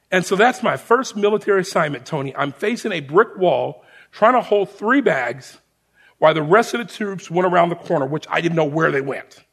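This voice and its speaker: Preacher guy telling his story, high and lively, raspy gravel in it. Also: moderate pace. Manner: animated storyteller addressing a congregation. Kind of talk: sermon testimony storytelling.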